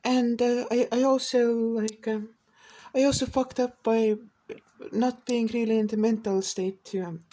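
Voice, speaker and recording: A woman's voice: fairly high pitch, steady tone, unhurried, mellow. A woman vlogger ranting casually, profane and rambling, with many restarts. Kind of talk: casual rant to camera.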